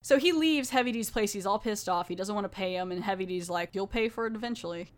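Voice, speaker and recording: Casting: woman podcast host, casual chatty recap, mid pitch, lively storytelling. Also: fast talker. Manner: chatty, animated retelling with quoted voices. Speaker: podcast host reviewing a TV episode.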